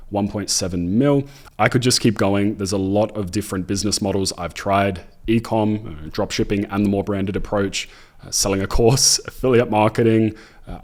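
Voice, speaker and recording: A man's voice: on the low side, a little mellow. Upbeat Australian man in his twenties. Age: 20s. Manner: upbeat, jokey, self-deprecating. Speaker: online business creator. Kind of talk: casual direct-to-camera talk.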